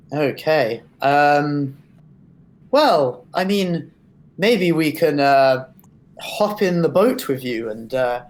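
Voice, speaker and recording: A tabletop game player who speaks hesitantly, with lots of fillers. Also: medium pitch. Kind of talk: casual tabletop play.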